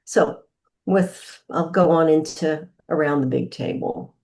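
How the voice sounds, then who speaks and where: A woman reading her own poetry aloud on a video call, slow and halting, with fillers when she talks about her process. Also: sits low, vocal fry, darkish tone. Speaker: poet reading her work.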